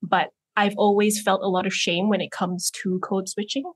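A woman from Malaysia speaks as a guest with a mixed, American-leaning accent. Her delivery is earnest and reflective at an ordinary pitch, and the recording is dry and close. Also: little pitch movement, normal speed, husky, no echo. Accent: mixed, mostly American-leaning. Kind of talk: casual talk.

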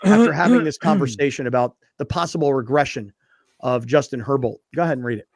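A man hosting a sports talk show, chatting casually in an animated, mocking way. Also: mid-range voice, fast talker, slightly rough, dry recording, studio quality. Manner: animated, mocking, shifts into impressions. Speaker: sports radio host.

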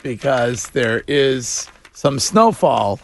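A man's voice: mid-range voice, expressive, very slow, slight background noise. A man hosting a morning radio show in casual, teasing chat. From Massachusetts. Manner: jokey, teasing interviewer. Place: radio studio.

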